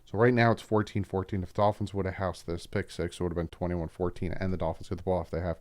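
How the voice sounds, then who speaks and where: A man's voice: sits low, little pitch movement, quick pace, a little mellow, dry recording. A man hosting a casual football film breakdown, talking as an opinionated fan with frequent asides. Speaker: YouTube football film-study host.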